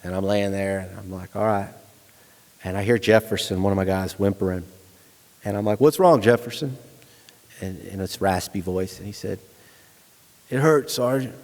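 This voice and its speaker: A man's voice: low-pitched, flat delivery, fairly quick, darkish tone. A middle-aged man, a retired soldier, telling a frank personal war story to a lecture audience, with blunt soldier humor. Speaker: guest lecturer, retired Army staff sergeant. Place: large lecture hall. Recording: long reverb of a large hall.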